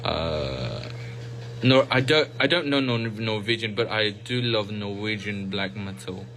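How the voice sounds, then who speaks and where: A man's voice: lowish voice, lively intonation, unhurried, a bit bright, slight background noise, rough recording. Playful man hopping between languages. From Mizoram, India. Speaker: singer. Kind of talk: casual chat answering questions.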